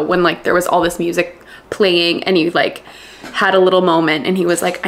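A woman's voice: mid-range voice, moderate pace, fairly bright tone, slight background noise. A woman chatting casually in a book vlog, gushing and full of fillers. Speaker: book vlogger. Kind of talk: casual reading vlog chat.

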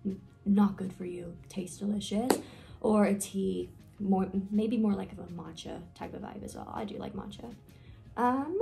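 A young woman chats through a get-to-know-me vlog, rambling and joking at her own expense. Her voice is dark and mellow with a gravelly edge, and faint music plays underneath. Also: medium pitch, normal speed. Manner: rambling, filler-heavy, self-deprecating. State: nervous, with hiccups. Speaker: vlogger.

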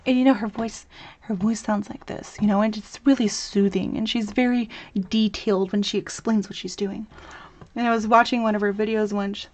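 A woman's voice: medium pitch, steady tone, moderate pace, darkish tone. A young woman hosting a live crafting tutorial, chatty and bubbly, chatting with viewers as she works and laughing often. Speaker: host of a crafting livestream.

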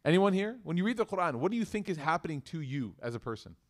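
A man's voice: fairly high pitch, big pitch swings, fast. A man teaching a religious class, talking casually and asking the students questions as he goes. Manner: conversational, asks the class questions. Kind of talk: interactive class lecture.

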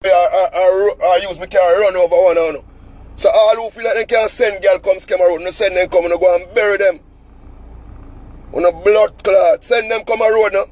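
A man's voice: sits high, steady tone, normal speed, a little mellow, rough recording. A Jamaican man telling a story as an angry, cussing rant in heavy patois, sitting in a car. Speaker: vlogger.

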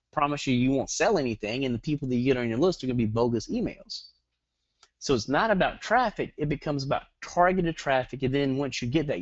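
Middle-aged Southern US man, fast, joking webinar trainer; plain dry, muffled call audio. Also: medium pitch, no room sound. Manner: rambling, joking, fast-talking. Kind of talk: online marketing webinar.

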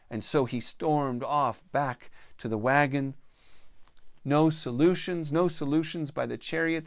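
A man tells a parable in a slow, unhurried way, his voice gravelly with some fry. The sound is dry and close, with no room echo. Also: a little high. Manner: slow, measured telling, voicing characters. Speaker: storyteller. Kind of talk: spoken storytelling at a spiritual gathering.

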